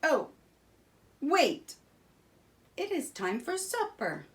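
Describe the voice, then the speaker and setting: Woman doing a high whiny toad who brags and sobs, storybook voice, loud and bouncy. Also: sing-song, very slow, full character voice. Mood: excitable. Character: boastful, excitable male toad, emotional. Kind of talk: storybook reading for children.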